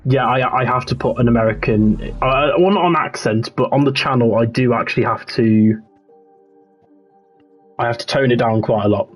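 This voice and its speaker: This is a young Englishman with a husky, breathy voice he tones down for his audience. He chats loosely on a livestream, trailing off and restarting sentences as he plays. His pitch sits in the middle for a man. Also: normal speed, soft background music. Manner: chatty, rambling, with frequent restarts and laughs. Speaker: streamer. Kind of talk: casual livestream chat while gaming.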